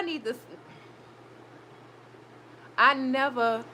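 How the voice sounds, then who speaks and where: Heated, high-voiced woman recapping a show. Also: slow pace, long pauses, rough recording. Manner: animated, swearing, heated reactions. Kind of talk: casual TV recap vlog. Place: her room at home. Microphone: recorded.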